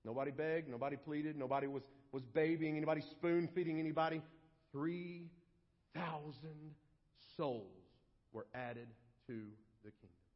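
A man with a high voice preaching in a church sanctuary, his sermon passionate and swinging from near-whispers to loud peaks. The sound rings with long hall reverb. The recording is dull and lo-fi. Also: moderate pace. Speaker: pastor.

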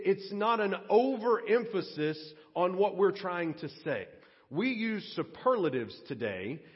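A man's voice: high-pitched, in a large hall, lo-fi sound. A man preaching a sermon as pastor, reading scripture and then explaining it in an earnest, conversational way with casual asides. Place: church sanctuary.

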